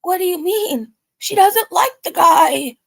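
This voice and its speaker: A woman's voice: very high-pitched, animated, slow pace, vocal fry, voice pushed up, heavily acted. A woman putting on the voice of a hesitant, guarded husband on a phone call. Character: cautious husband fielding an awkward phone call.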